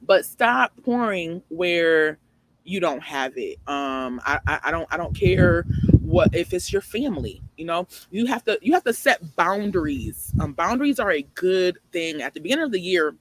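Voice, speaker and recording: A woman's voice: sing-song, normal speed, no room sound. Emphatic preachy woman in her forties. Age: 40s. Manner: emphatic, preachy, with rhetorical questions; jumps high and loud for emphasis. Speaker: online show host. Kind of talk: motivational faith talk.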